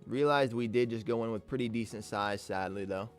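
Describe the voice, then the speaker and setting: A man's voice: fairly low pitch, brisk, clear, resonant tone, soft background music. A man giving live trading commentary, talking to himself about his trades, swearing a lot and sounding exasperated. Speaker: day trader streaming live.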